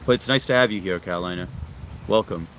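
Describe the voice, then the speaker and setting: A man from Long Island, hosting a casual livestream outdoors in the sun, reading viewer comments and greeting them by name in a relaxed, friendly way. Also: low-pitched, quick pace, slight background noise. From Long Island, New York. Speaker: livestream host.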